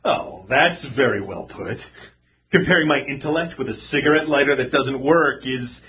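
A man's voice: medium pitch, moderate pace, bright, forceful tone, breathy edge. An actor playing a cocky, sarcastic young male shop clerk who just lost his job, in a 1940s radio play. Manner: teasing, sarcastic and persistent.

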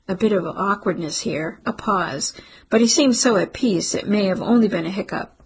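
Woman, audiobook narrator, husky, breathy, mid pitch, wry even storytelling. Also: moderate pace, poor audio. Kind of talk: scripted narration.

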